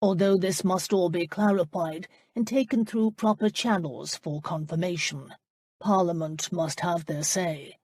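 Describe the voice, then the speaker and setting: A woman's voice: fairly low pitch, a little slow, a little mellow, breathy edge, no echo. A woman reading the lines of a royal prince, dry and authoritative. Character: wry commanding royal prince, older man.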